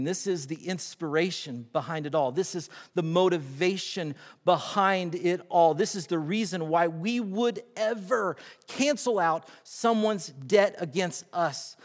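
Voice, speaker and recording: A man preaching a sermon as pastor, animated and reading scripture aloud with dramatic pauses. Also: high-pitched. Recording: long hall reverb.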